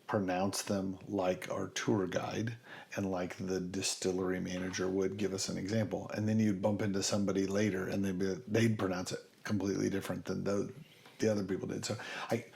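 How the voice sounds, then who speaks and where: A man from north central Kansas co-hosting a podcast, explaining in a lively, joking manner. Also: low voice, creaky. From north central Kansas, USA. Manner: animated, explains with asides and jokes. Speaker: podcast co-host. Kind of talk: casual chat.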